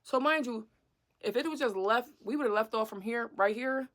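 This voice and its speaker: A slightly high-voiced woman tells a date story to her viewers. She is blunt, slangy and full of profanity, and she acts out the retelling with energy. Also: normal speed, fairly bright tone. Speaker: vlogger. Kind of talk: storytime narration.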